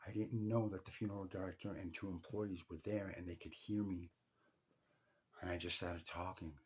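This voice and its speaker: A man's voice: sits low, steady tone, normal speed, a little mellow. A young man speaking directly to his late father, telling a raw, emotional story of his parents' funeral and swearing freely. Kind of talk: emotional personal monologue.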